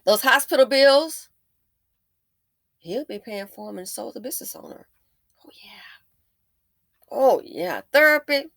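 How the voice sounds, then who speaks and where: Woman, commentary host, sarcastic, emphatic, forceful bright tone, dry close sound. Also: expressive, a little slow, vocal fry, long pauses, no echo. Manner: sarcastic and emphatic, with repeated jabs; shifts between loud stresses and low muttering. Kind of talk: opinion commentary.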